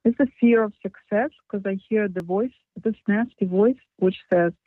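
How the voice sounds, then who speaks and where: A woman on a call-in coaching session talks fast and rambles, sounding rushed and hard on herself. Her voice sits in the mid-range and comes through a tinny phone line with no echo.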